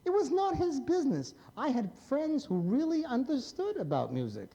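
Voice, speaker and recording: A man's voice: extremely high pitch, wildly swooping pitch, moderate pace, creaky, dark tone, lo-fi sound. A man in his fifties, a psychiatrist, giving a blunt, wry lecture to a live audience and prodding them with questions. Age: 50s.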